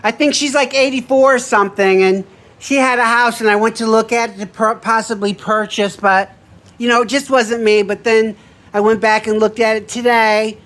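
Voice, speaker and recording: A chatty, excitable man with a fairly high voice recounts a story in a casual vlog. He talks with animated bursts of enthusiasm and laughs easily. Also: moderate pace. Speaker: vlogger.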